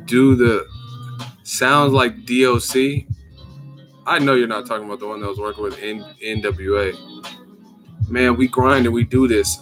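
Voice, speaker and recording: A man's voice: fairly even intonation, a little slow, long pauses, a bit bright. Guy running a boxing live stream, cussing and laughing a lot, music going in the back. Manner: profane, laughing, slangy, puts on a deep announcer voice as a joke. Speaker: host of a live boxing chat. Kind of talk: casual live-stream chat.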